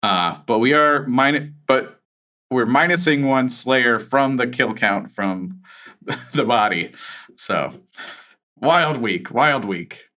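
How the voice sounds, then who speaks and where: A man hosting a relaxed podcast, steering the talk from one segment to the next. His voice is bright and forward, and he laughs often between thoughts. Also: medium pitch, slow pace. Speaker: podcast host. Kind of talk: casual chat.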